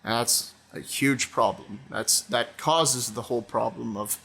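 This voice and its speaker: A young man talks through his opinion in a loose commentary monologue. His voice is bright and forward. He hesitates a lot, filling gaps with ums and uhs and restarting sentences, all at a mid pitch. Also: fairly even intonation, unhurried, creaky, hardly any pauses, slightly rough. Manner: hesitant, many fillers and restarts. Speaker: video essayist.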